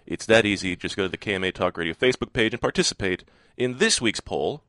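A man's voice: on the low side, animated, quick pace, sharp tone, no echo. A man hosting a talk radio show, reading giveaway promos in an upbeat way.

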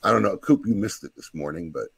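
A man's voice: deep voice, lively intonation, fast, creaky, a crowd in the background. A man hosting a casual podcast, steering the conversation and talking to listeners. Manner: runs the show, addresses listeners. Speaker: podcast host. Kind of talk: casual chat.

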